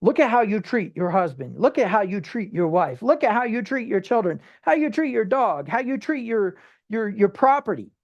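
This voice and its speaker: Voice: medium pitch, sing-song, normal speed, highs cut off. An informal Bible study teacher talking in a loose, conversational way. The voice throws rhetorical questions at the group, restarts phrases and slips into brief acted-out quotes of everyday people. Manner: acts out everyday people in short quoted asides.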